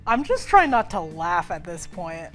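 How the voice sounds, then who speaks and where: A young woman and show regular talking in a casual group chat, soft and halting. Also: lowish voice, sing-song, echoey room, over music, low-quality recording. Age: young adult.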